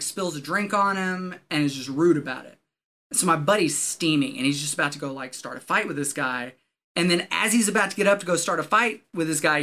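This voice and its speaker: Bright-toned man, casual guest, chatty and rambling, lots of "um" and "like". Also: fairly high pitch. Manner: rambling, many fillers and restarts. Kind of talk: casual storytelling.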